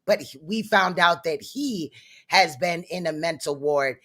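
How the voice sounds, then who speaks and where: A man's voice: fairly high pitch, unhurried, a bit bright. A man hosting a casual commentary chat, laughing often and affirming his points. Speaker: host.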